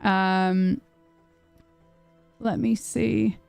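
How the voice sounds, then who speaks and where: A young woman with a clean but creaky mid-range voice speaks very slowly during a casual livestream from home. Animated despite the pace, she swears and reads her viewers' messages aloud, with soft music playing and no echo.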